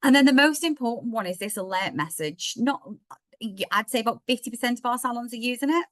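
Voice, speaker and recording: Slightly croaky woman on a video call. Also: fairly high pitch, brisk, a bit bright, dry recording. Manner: chatty, explaining step by step. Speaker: software trainer. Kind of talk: live online workshop demo.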